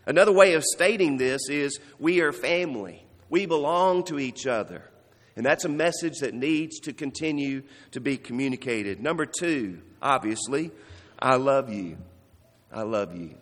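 A male pastor giving an earnest sermon, slowing down and softening to stress key phrases. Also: on the high side, expressive, in a large hall. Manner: earnest, warm preaching with soft, slowed emphasis on key phrases.

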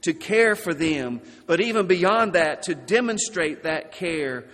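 A man preaching a sermon, slow and deliberate, dropping his voice low and soft on key words. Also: expressive, in a large hall.

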